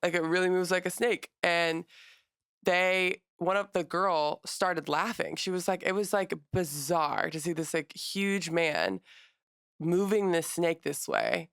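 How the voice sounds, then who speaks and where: A young adult woman co-hosting a casual podcast, retelling stories quickly with lots of quoted reactions. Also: fairly low pitch, a bit bright, clear, resonant tone, no echo, clean studio sound. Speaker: podcast co-host. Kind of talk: casual chat.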